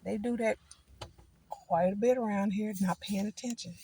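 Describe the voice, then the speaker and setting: A woman's voice: medium pitch, fairly even intonation, normal speed, mellow, a little hiss or hum. A middle-aged woman chatting casually to her viewers from a parked car, rambling from one thought to the next. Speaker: vlogger. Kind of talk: casual chat.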